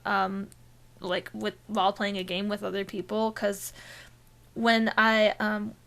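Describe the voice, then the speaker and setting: A woman co-hosting a gaming podcast in casual chat, giggly and animated, often slipping into silly voices. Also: mid-range voice, slow, gravelly. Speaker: podcast co-host.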